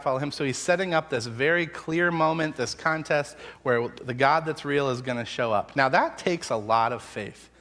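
A male pastor delivers a sermon in a relaxed, conversational way with a dry, sarcastic streak. His voice sits at an ordinary middle pitch. The sound rings with the long reverb of a large hall. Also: moderate pace, hardly any pauses. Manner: conversational, wry and sarcastic storytelling.

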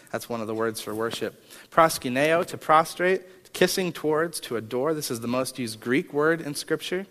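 A man leading worship and preaching, earnest, repeating key phrases and dropping from loud to hushed. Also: medium pitch, normal speed. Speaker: worship leader. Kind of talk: sermon. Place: large church sanctuary. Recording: long hall reverb, faint music.

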